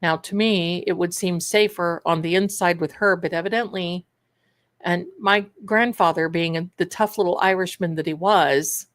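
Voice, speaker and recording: A woman with a lowish, steady voice talks at a normal speed, with no echo in the recording. She hosts a manifestation and tarot show, telling stories in a casual livestream chat as a chatty storyteller who calls her viewers "darlings."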